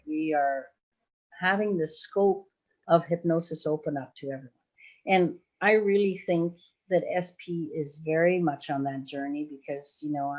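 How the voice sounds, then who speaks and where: A woman's voice: on the low side, a little mellow. A woman in her sixties from Belgium, a hypnosis trainer chatting casually on a livestream, rambling and often laughing. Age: 60s. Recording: dull lo-fi livestream audio.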